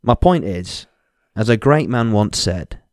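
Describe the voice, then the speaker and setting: A man's voice: on the low side, animated, measured pace, a little mellow, dry recording. A young man hosting his own podcast, talking candidly in a frank, sweary, self-mocking way and mimicking people he meets. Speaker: podcast host. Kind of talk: candid solo podcast monologue.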